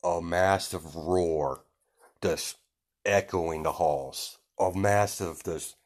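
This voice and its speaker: A man's voice: low voice, takes it slowly. A man casually retelling a made-up story off the cuff, rambling with lots of fillers and restarts.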